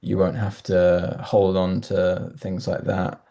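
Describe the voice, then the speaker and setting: A man giving gentle, halting spiritual advice on a Q&A call. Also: low-pitched, monotone, creaky. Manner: gentle, halting, with frequent restarts.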